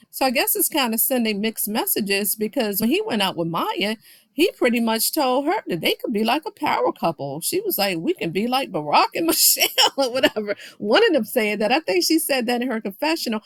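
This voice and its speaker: A woman's voice: a little high, dry recording. A woman recapping a reality show in casual commentary, talking straight to her viewers and quoting people with playful shifts of voice. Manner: chatty, quotes people with playful voice swings.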